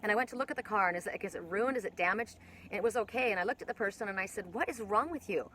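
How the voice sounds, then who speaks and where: A woman's voice: medium pitch, racing, pushed and bright, a little hiss or hum, low-quality recording. A woman giving a casual spiritual oracle card reading, rambling with many restarts and casual swearing.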